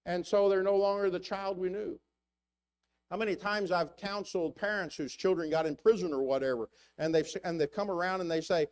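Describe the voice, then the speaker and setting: An older man giving a sermon in church in a conversational, halting way, with many fillers and restarts, rising for rhetorical questions. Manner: rises in pitch for rhetorical questions. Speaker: preacher.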